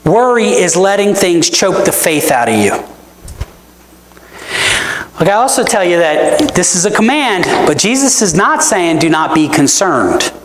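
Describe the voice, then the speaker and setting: Lively, echoey preacher in a church. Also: medium pitch, measured pace, pauses often. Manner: conversational preaching, asks the audience "right?" often; emphatic, with rhetorical questions. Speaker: pastor. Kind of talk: sermon. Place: church sanctuary. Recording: roomy church echo.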